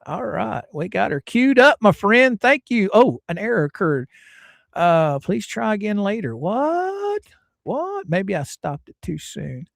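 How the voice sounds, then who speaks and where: A man's voice: high-pitched, lively intonation, unhurried, vocal fry, no room sound, studio quality. A man hosting a casual live stream, chatting and greeting viewers by name while hedging on legal details. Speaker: livestream host.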